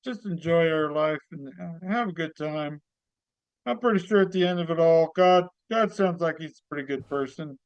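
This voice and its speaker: A man's voice: a little high, moderate pace, no room sound, lo-fi sound, lightly acted. Man doing a giddy upbeat motivational-speaker guy. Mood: cheery preachy. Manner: cheery, rambling, wide-eyed life advice. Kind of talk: comedy character bit.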